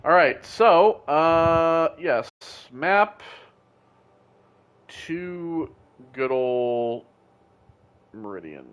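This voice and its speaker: Brief: male streamer, fairly high voice, loose and jokey play-by-play. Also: animated, drawn-out words, pauses often, fairly bright tone, smooth, dull audio. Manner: loose, jokey, thinks aloud. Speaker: gaming streamer. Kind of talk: casual gameplay commentary.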